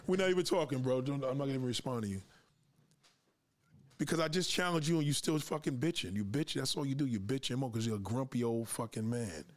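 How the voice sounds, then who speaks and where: Fired-up, cursing man on a podcast. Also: mid-range voice. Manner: confrontational, profane, lecturing; asks listeners to push back. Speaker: podcast host. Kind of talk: livestream podcast rant.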